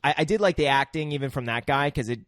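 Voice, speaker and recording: A man's voice: mid-range voice, fast talker, a bit bright, no echo, clean studio sound. A man co-hosting a podcast, talking earnestly and a bit ramblingly about film acting, with slang. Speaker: podcast co-host.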